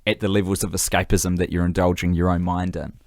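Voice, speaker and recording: A man's voice: low-pitched, level tone, quick pace, dry recording, studio quality. A man co-hosting a comedy podcast, talking in a mock-earnest, teasingly concerned way. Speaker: podcast co-host. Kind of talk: casual comedic chat.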